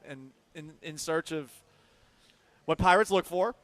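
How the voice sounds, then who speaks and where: A man's voice: fairly high pitch, a little slow, a bit bright, no echo. A man co-hosting a sports radio show, bantering and teasing his partner with frequent laughs, broadcasting from a bar. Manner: teasing, joking, laughs often.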